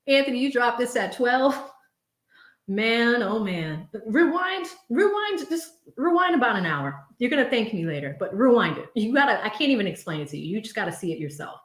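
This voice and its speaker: A young woman hosting a live stream from home, with a fairly high voice that carries a roomy echo. She talks in a loose, expressive way, laughs readily, and reads viewer messages aloud between her own remarks. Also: normal speed. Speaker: livestream host reading viewer super chats. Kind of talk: casual live-stream chat.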